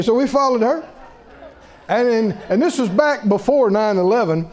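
A man's voice: normal speed, some chatter behind. A man preaching a sermon, telling a story with laughter and acting out what people said. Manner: lively, wide-ranging pitch.

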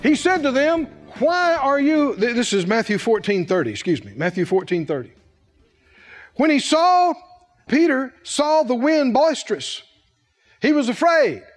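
Animated older male preacher, reverberant hall. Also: very high voice, a little slow, faint music behind. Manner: animated, playful, laughs often. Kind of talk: sermon.

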